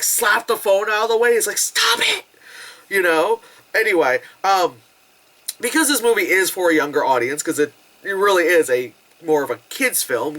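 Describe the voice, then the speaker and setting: A young adult woman casually chats her way through a movie review in a mid-range voice. She's animated and giggly, swears freely, and acts out quotes with squeals.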